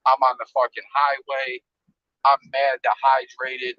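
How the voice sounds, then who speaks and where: A man's voice: medium pitch, monotone, a little slow, dry recording, dull audio. Laid-back rambling man on a live stream. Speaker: livestream host. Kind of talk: casual live chat. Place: in a car on the highway. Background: wind.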